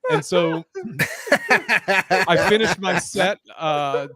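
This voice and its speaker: A man in his thirties tells comedy stories on a podcast, swearing often and laughing along. His voice sits a little high. The recording is dry and close. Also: drawn-out words, no echo. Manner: animated storyteller, swears freely, laughs a lot. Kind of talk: casual podcast chat, storytelling.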